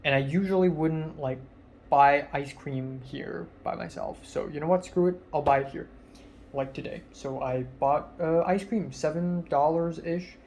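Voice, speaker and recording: A man's voice: on the high side, vocal fry, darkish tone, slight background noise. Rambling nineteen-year-old male film student. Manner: rambling, quick retelling with many fillers and quoted dialogue. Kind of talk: casual vlog storytelling.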